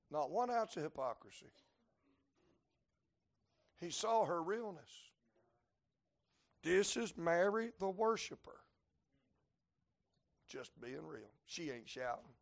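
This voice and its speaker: High, gravelly preacher man. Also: very animated, takes it slowly, pauses often. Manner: swings from hushed folksy asides to shouted climaxes; folksy humor, plainspoken dialect. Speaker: traveling preacher. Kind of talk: sermon. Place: church building before a congregation.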